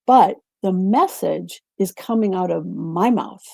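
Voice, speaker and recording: A woman's voice: fairly low pitch, slow pace, creaky, darkish tone, dry recording. A woman who coaches presenters, speaking over a video call in a reflective way and repeating words for emphasis. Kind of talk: casual panel chat.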